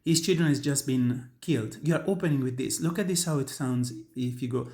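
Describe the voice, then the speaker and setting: A voice teacher and opera tenor from Italy, speaking with an Italian accent as a native Italian, gives students an instructional talk on singing by explaining an opera aria. He is earnest and emphatic, restarts sentences often, and has a mid-range, slightly mellow voice that runs a little fast.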